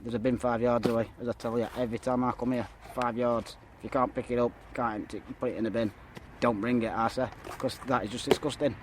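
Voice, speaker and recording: An out-of-breath man talks to his handheld camera beside a pond, rambling with plenty of fillers. His voice sits at a middle pitch, and faint outdoor noise sits behind him. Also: fairly even intonation, fast talker, hardly any pauses. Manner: rambling, chatty, lots of uh and so. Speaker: fishing vlogger. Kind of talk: casual vlog talk to camera.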